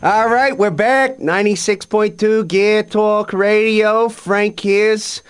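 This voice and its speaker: Man, radio host, calm and steady, slightly high voice. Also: slow, smooth. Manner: calm, soothing, steering the show. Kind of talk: comedy radio hosting.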